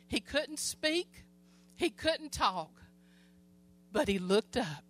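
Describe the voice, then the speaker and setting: A woman's voice: a little high, sing-song, extremely slow, faint music behind. A woman preaching a sermon, reading scripture and retelling it in plain everyday words to her church.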